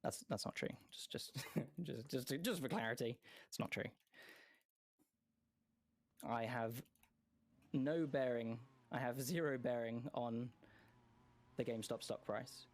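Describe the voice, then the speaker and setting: Chatty man commentating a speedrun. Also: medium pitch. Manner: chatty, self-correcting, quick jokes and laughs.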